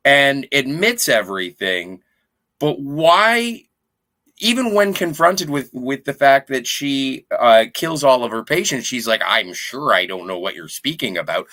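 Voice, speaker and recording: A man's voice: on the high side, bright, forceful tone. A man co-hosting a podcast over an online call, musing thoughtfully in casual chat. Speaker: podcast co-host.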